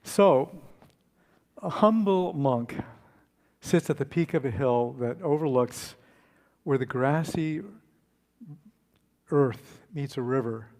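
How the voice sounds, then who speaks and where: A man preaching a relaxed, conversational sermon, telling a story and speaking with fillers and restarts. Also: medium pitch, takes it slowly, long pauses. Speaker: speaker and author.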